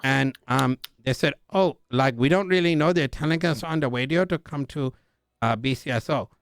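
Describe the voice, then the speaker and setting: A man's voice: mid-range voice, moderate pace, clean tone, no echo, clean studio sound. Rambling young man who keeps saying dude. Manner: rambling, says "dude" and "like" constantly, acts out the other voices. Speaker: roleplay streamer in character. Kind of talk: in-character storytelling to police.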